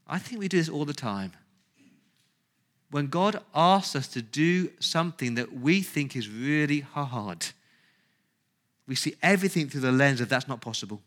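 A man preaching with a bright, forceful voice pitched a little high. He drives his points home with rhetorical questions and repetition, rising and falling between loud urgency and hushed weight. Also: lively intonation, unhurried, pauses often. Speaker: pastor. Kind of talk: sermon.

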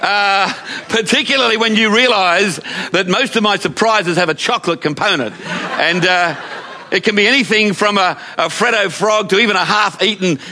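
Bright high-voiced Australian grandfather preaching. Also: normal speed. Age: older. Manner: chatty storytelling, asks the audience questions. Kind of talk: sermon.

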